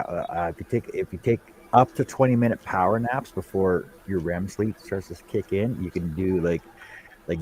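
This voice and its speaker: Lower-voiced man rambling on a panel. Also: darkish tone, slight background noise. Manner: rambling, jokey, trails off. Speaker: panel guest. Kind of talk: casual live stream chat.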